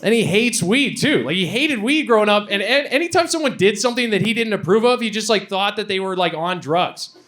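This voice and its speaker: Performing stand-up before a live crowd at a comedy club, this man from Canada has an expressive, slightly bright voice that sits high and moves a little fast. He rambles and mocks himself, suddenly voicing the people in his anecdotes, while laughter rises from the audience.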